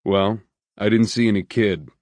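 A man voicing a gruff, skeptical male freight worker who talks bluntly and dismissively. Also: on the low side, moderate pace, a little mellow, no echo, lightly acted. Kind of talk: audiobook character voice.

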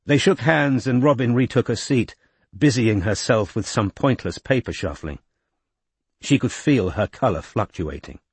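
A man narrating a novel in a measured, expressive way. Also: mid-range voice, husky, no echo. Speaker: audiobook narrator. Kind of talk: scripted narration.

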